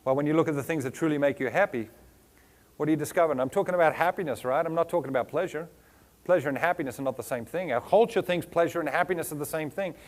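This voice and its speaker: Fast and fairly high-pitched, this foreign-accented man gives a motivational keynote to a live crowd on stage. Rhetorical questions and strings of words pour out, along with some playful teasing.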